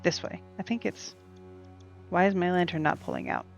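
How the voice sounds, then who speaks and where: Gravelly woman chatting through a cozy game. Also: fairly low pitch, huge pitch swings, normal speed. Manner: chatty and rambling, talking to the game and to her dog. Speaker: streamer playing a cozy game. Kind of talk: casual gameplay chat. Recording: dull lo-fi stream audio with faint game music.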